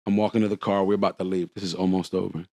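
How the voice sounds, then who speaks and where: A man's voice: sits low, flat delivery, racing, darkish tone, dry recording. A man telling a long story on a casual podcast, acting out the quotes.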